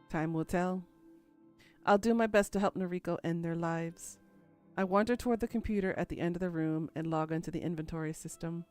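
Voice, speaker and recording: A woman's voice: fairly low pitch, clear, resonant tone. A woman narrating a first-person story in a dry, musing, inward way.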